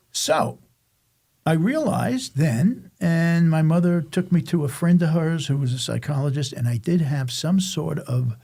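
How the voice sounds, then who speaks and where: An older man tells a rambling childhood story in casual chat, often restarting his sentences. His voice is very gravelly and husky, with a dark, mellow tone. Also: a little high. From Staten Island, New York. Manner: rambling, self-interrupting storyteller. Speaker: podcast guest telling a life story.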